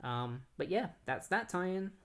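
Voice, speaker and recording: A man's voice: high-pitched, expressive, slow, a bit bright. A man casually reviewing comic books, talking loosely with lots of fillers and giving blunt opinions. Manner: loose and conversational, full of "like" and "um"; recaps the plot then gives blunt opinions.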